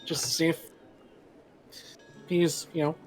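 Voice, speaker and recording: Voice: medium pitch, little pitch movement, slow. Playful tabletop player, music behind. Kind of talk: casual tabletop play.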